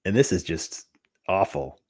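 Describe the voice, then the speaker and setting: Laid-back man with a lowish voice. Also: expressive, measured pace, darkish tone. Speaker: podcast co-host. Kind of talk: casual chat.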